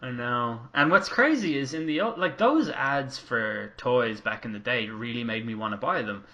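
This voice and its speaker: Male co-host, bright and punchy tone, chatty storyteller, relaxed and profane. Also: mid-range voice, normal speed, highs cut off. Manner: chatty storyteller, casual swearing. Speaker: podcast co-host. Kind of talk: casual chat.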